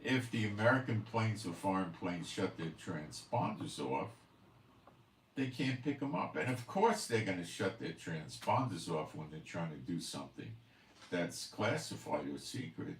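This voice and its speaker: A man's voice: deep voice, very animated, unhurried, echoey room, recorded from a distance, a little hiss or hum. A man hosting a commentary channel, ranting emphatically with scorn and rhetorical questions. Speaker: host of a prophecy commentary channel.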